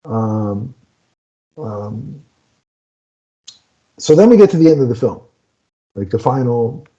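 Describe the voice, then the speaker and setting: A man's voice: mid-range voice, sing-song, slow pace, dark tone, lo-fi sound. A man co-hosting a casual film review, retelling scenes with lots of restarts and fillers. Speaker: podcast co-host reviewing a film.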